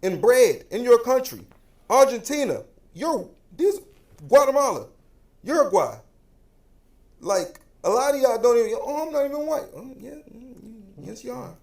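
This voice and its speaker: A man with an African American English accent delivers a blunt, repetitive rant straight to the camera. His voice sits very high for a man. The room around him rings with echo. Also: expressive, unhurried, vocal fry. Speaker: social media commentator. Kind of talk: heated direct-to-camera rant.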